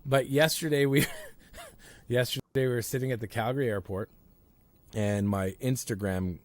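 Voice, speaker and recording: A man's voice: mid-range voice, fairly even intonation, moderate pace. A man co-hosting a podcast, rambling and poking fun at himself in casual chat. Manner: rambling, self-deprecating, many fillers. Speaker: podcast co-host.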